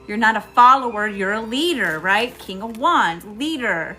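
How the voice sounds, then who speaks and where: A woman's voice: a little high, lively intonation, a little slow, sharp tone, faint music behind. A middle-aged woman with a Southern US accent, giving an emphatic live tarot reading straight to her viewers. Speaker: tarot reader.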